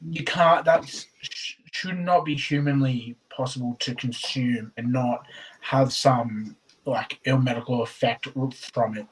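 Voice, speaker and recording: A man's voice: medium pitch, steady tone, measured pace, husky, low-quality recording. A man giving earnest interview answers, full of stumbling restarts. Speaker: competitor.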